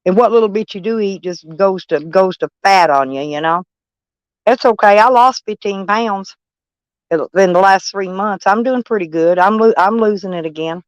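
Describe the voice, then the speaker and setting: A woman's voice: medium pitch, normal speed, no echo, lo-fi sound. A woman chatting with viewers on a livestream, blunt and swearing freely, calling people honey. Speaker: livestream host. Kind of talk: casual livestream chat with viewers.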